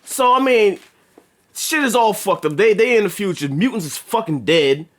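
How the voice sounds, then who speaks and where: Man, high voice, casual film review, animated, slangy, swearing. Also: normal speed. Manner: animated, profane, slangy, acts out scenes. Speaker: movie reviewer. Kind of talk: casual movie review chat.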